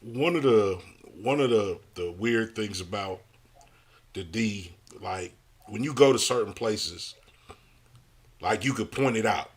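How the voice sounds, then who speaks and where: Husky-voiced laid-back man. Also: lowish voice, slow pace. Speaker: podcast co-host. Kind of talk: casual chat.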